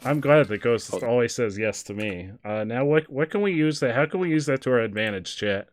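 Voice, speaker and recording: A man with a slightly blocked, nasal sound streams a game, chatting casually and reading its lines aloud. His voice sits in an ordinary middle pitch, and it jumps loud and high when he greets his viewers. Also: animated, fairly quick. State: stuffy nose. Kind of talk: casual gameplay commentary, reading dialogue aloud.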